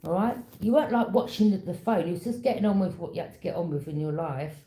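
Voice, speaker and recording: A fast-talking, animated tarot reader with a warm, lowish voice tells her reading like a casual conversational story, knowing and direct. It's recorded in an echoey room.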